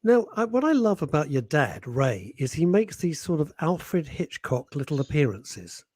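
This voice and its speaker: A man's voice: fairly high pitch, very animated, moderate pace, darkish tone, no room sound. A man co-hosting a radio show, casually bantering and reading out listener messages with playful teasing and mock outrage.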